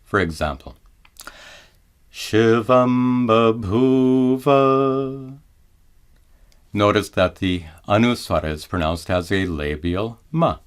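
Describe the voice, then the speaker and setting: A middle-aged man teaching Sanskrit chanting in a measured, calm manner, pausing to chant each example slowly. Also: sits low. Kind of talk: slow explanatory lesson with chanted examples.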